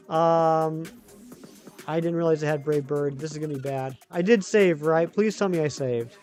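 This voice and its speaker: Male streamer, high voice, chatty and excitable, faint music underneath. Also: moderate pace. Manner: chatty, excitable, talks to chat. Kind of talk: live gaming stream chat.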